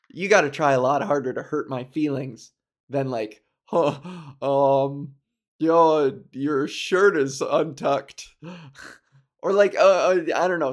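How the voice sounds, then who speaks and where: Slow-talking man, slightly high voice. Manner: animated, laughs often, mimics others mockingly. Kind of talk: casual monologue.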